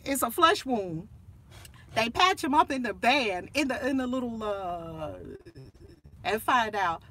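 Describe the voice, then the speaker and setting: A woman hosting her channel as a minister, telling a family story in casual chat, animated and laughing, acting out the voices of the people in it. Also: high voice, unhurried, a little hiss or hum.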